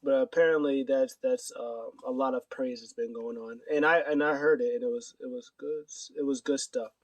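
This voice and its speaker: A man's voice: medium pitch, fairly even intonation, moderate pace, dry recording, recorded from a distance. A man casually recapping wrestling news to his camera, rambling with many fillers and acting out quotes. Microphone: camera mic.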